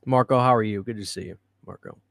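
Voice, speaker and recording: A man's voice: fairly low pitch, fast talker, vocal fry, no room sound, clean studio sound. A man hosting a casual live stream, chatting loosely, answering viewer comments and laughing easily. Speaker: livestream host. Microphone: studio microphone.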